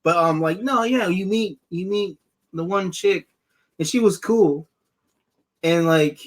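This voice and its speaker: A man chatting casually about a film on a podcast, swearing freely, laughing often and acting out lines in a raised voice. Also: a little slow. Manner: animated, laughs often, acts out characters in high voices. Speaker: podcast co-host. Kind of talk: casual profane chat.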